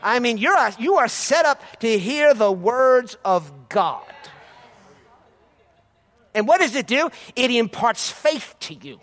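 A man preaching a sermon as pastor, fervent and building to shouts of praise. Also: very high voice, very animated, slow.

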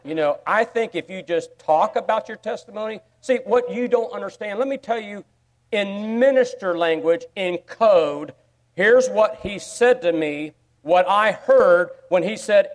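A man preaching a sermon, telling a story with sudden swings from quiet asides to loud, excited bursts. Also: high voice, a little slow. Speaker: pastor.

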